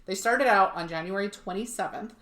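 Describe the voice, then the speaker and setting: A woman's voice: medium pitch, a little fast, a bit bright, reverberant. A woman co-hosting a podcast, telling a true mystery story in a chatty way with wry asides. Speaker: podcast co-host.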